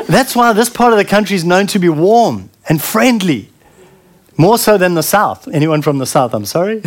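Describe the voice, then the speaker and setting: A middle-aged man preaching a sermon in an earnest, heartfelt way, often pausing and repeating words. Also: high voice.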